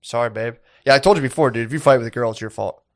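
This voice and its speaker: A man's voice: medium pitch, racing, no room sound, clean studio sound. A man with a mid-range voice co-hosting a comedy podcast. He talks in a laid-back, crude way and often chimes in to agree with his co-host. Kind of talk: casual comedic chat.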